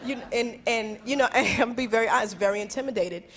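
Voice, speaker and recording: A woman's voice: fairly high pitch, brisk, a bit bright, a faint crowd, a little hiss or hum. A woman in her twenties speaking candidly to a school audience, reflective and playful, with many restarts, laughs and acted asides. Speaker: guest speaker answering students.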